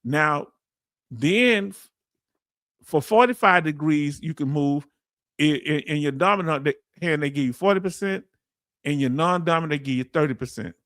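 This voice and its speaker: A man's voice: a little high, moderate pace, a bit bright, no room sound, clean studio sound. A man with a Southern US accent hosting a casual livestream, reading out viewer comments and explaining things in loose, chatty speech. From Southern United States. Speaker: livestream host.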